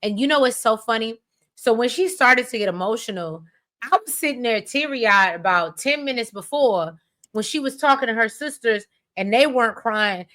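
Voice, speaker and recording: A woman from the United States co-hosting a casual chat, talking in an animated, rambling, expressive way. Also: a little high, moderate pace. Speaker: podcast co-host.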